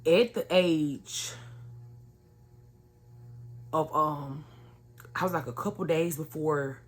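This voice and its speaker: Low-voiced woman telling her story. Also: slow pace. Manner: earnest, conversational, addresses viewers as y'all. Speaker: vlogger sharing a personal testimony. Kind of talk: emotional personal storytelling to viewers.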